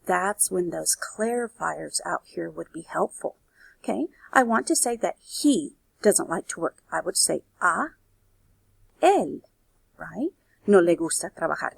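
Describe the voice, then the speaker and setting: Gravelly-voiced woman teaching Spanish. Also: mid-range voice, no room sound. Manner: explains step by step, checks in with "okay" and "right". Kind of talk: recorded video lesson.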